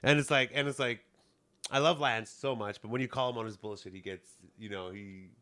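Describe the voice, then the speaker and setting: A man's voice: medium pitch, brisk, pushed and bright. A man who plays in a band, telling a casual story in a rambling, profane way, often checking in with "you know what I mean". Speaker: musician.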